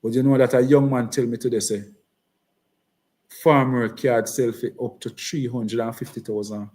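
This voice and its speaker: A man's voice: medium pitch, flat delivery, normal speed, darkish tone. A man with a Jamaican accent giving an impassioned campaign speech, repeating himself and slipping into patois. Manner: impassioned, repetitive, switches into patois. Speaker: political speaker.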